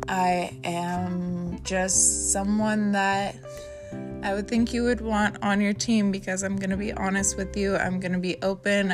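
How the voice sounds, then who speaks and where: A woman in her thirties hosting a casual podcast from her bedroom, talking in a chatty, candid way and swearing freely. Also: medium pitch. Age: 30s. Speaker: podcast host. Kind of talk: casual chat.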